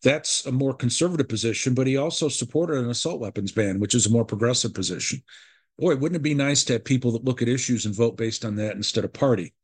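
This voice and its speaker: A man hosting an interview, asking a guest questions in a curious, measured way with small restarts. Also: medium pitch, husky. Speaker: radio or podcast host.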